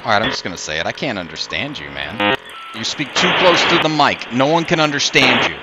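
A man's voice: medium pitch, animated, brisk, loud music behind the voice. A man bantering in a comedy bit, exasperated and incredulous, swearing now and then. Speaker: comedy co-host.

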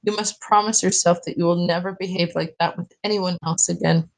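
A woman reading aloud from a novel, voicing a gentle, kindly elderly grandmother who speaks softly and tenderly. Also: lowish voice, fairly even intonation, a little fast, low-quality recording. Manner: soft, tender storytelling.

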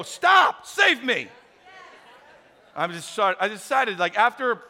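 A man preaching a sermon to a large auditorium, animated and joking with the crowd. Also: high-pitched. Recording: long hall reverb.

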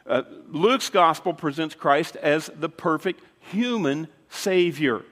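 A man's voice: a little high, expressive, slow pace, fairly bright tone. A man preaching a sermon as pastor, telling a story in a conversational way with dramatic emphasis. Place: church sanctuary. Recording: long reverb of a large hall.

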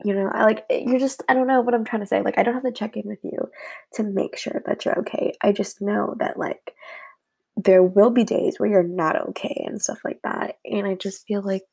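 A young woman giving a rambling, halting, heartfelt message to her friends, half-whispered and close to tears. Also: mid-range voice, fairly even intonation, vocal fry, a little mellow, husky, poor audio. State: tearful, close to crying. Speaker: vlogger addressing friends.

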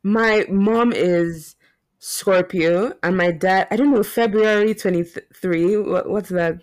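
A woman hosting a podcast in casual chat, relaxed and giggly as she asks questions. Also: medium pitch, slow. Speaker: podcast host.

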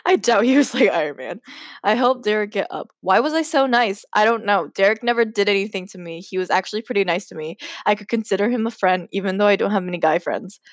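Hosting a podcast, a woman reads her old story aloud, breaking in with giggly, self-mocking asides. Her voice is medium in pitch and fast. The studio-quality recording has no room sound.

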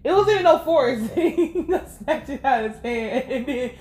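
Brief: higher-pitched woman, lively swearing show-recap vlogger, quick to laugh. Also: slightly rough. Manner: animated, profane, laughing storyteller. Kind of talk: casual TV episode recap.

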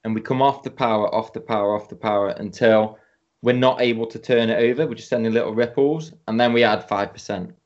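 A man calmly explaining a casting technique as an instructor. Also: fairly low pitch, brisk, lo-fi sound.

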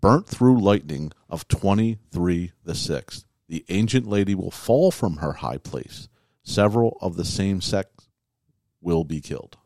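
A man's voice: low voice, animated, a little slow, a little mellow, dry recording, clean studio sound. A man hosting a casual podcast chat, reading old prophecies aloud and breaking them down in a loose, joking way with many fillers and restarts. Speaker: podcast host.

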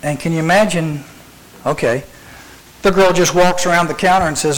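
A man's voice: on the high side, moderate pace, long pauses, slight background noise, rough recording. A man preaching a youth sermon, acting out scenes as a live demonstration and asking rhetorical questions. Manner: dramatic storytelling with rhetorical questions. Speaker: youth speaker.

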